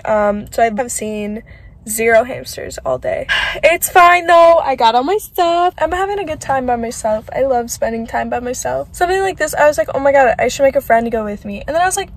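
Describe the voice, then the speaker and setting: Bubbly high-voiced young woman vlogging. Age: young adult. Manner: bubbly and giddy, laughs often. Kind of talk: casual vlog chat. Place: in a car while driving, later at home. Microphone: phone propped on the dashboard. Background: faint road and wind noise.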